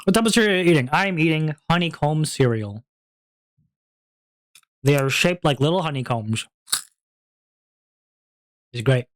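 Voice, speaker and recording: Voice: mid-range voice, normal speed, long pauses, slight background noise. A streamer in casual stream chat, playful and rambling, with frequent giggles, talking into a home streaming mic.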